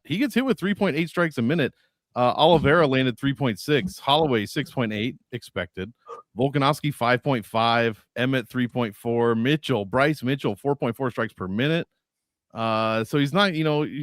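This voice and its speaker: A man giving measured, stat-heavy fight analysis on a podcast over an online call, with many filler uhs. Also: mid-range voice, no echo, clean studio sound. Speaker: fantasy sports analyst.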